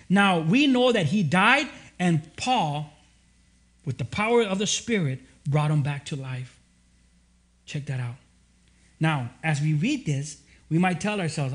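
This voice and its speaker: A man preaching a sermon as pastor, with a relaxed, animated storytelling manner, slangy asides and frequent restarts. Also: high voice, measured pace.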